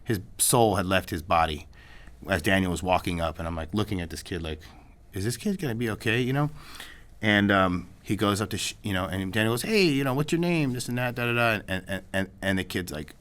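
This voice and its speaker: Rambling man, low voice. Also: brisk, a bit bright. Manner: rambling, many restarts and "you know what I mean". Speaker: filmmaker guest. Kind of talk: casual storytelling in an interview.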